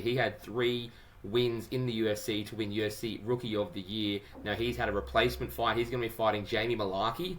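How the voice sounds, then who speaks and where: An Australian man hosts a podcast in relaxed, chatty talk, tossing in "mate" as he goes. His voice sits low but sounds bright and forceful. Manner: upbeat, chatty, says "mate" often. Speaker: podcast host. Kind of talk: casual chat.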